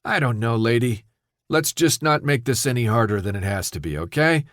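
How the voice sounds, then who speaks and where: A tired, irritable guard giving blunt orders, as the narrator reads him. The delivery is clipped and impatient, and the recording is dry and close. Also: male voice, mid-range voice, expressive, moderate pace, fairly bright tone, no echo, lightly acted. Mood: weary. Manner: curt, weary. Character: weary, irritable male armored guard.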